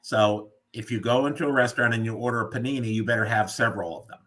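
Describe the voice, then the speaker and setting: A man's voice: medium pitch, fast, fairly bright tone. A man hosting a casual live video chat who playfully explains food words like a teacher. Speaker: host. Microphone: video call.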